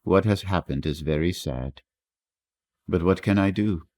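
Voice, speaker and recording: A grave young fisherman speaks with slow, earnest weight, as a man reads him in an audiobook. The voice sits very low and deep. Each halting sentence lands like a solemn admission. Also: darkish tone. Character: grave young male Italian fisher lad. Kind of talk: audiobook reading.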